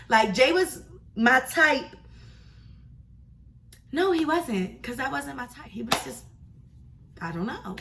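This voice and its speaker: A young woman vlogger telling a story in a casual, chatty, slangy and animated way. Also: sits high, far from the mic, slight background noise.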